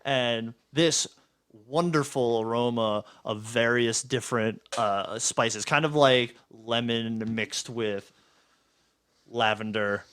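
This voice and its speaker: A man's voice: medium pitch, fairly even intonation, slow pace, fairly bright tone, slight background noise. A man narrates a casual tabletop game as game master. His voice sits in the middle range, and he rambles with hesitations and laughs often.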